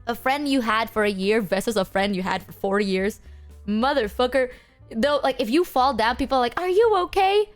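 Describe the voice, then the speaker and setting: A woman streamer chatting casually with her chat, telling stories in an animated, foul-mouthed way full of fillers. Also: a little high, moderate pace, faint music behind. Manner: animated, swears freely, filler-heavy.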